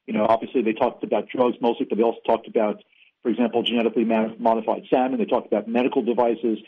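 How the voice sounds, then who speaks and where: Fast-talking man on a phone line. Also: on the low side, level tone, husky. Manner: fluent, policy-focused, frequent "you know" fillers. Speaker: interview guest, former agency official. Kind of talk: interview on a call-in line.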